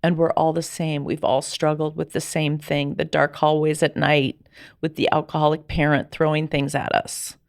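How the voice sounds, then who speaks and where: A middle-aged woman telling her personal story as a podcast guest, lively and acting out the dialogue she remembers. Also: low-pitched, normal speed, gravelly, dry recording, clean studio sound. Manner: animated, acts out quoted dialogue.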